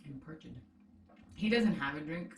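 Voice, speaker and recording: Chatty, low-voiced woman co-hosting snacks. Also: measured pace, reverberant, far from the mic, slight background noise. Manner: chatty and giggly, teasing her partner. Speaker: co-host of a snack tasting show. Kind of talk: casual chat while tasting snacks.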